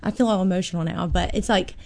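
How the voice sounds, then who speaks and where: A woman's voice: lowish voice, fairly even intonation, quick pace, gravelly, a little mellow. Woman, interview guest, emotional, chatty, filler-heavy. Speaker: musician guest. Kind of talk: casual interview storytelling.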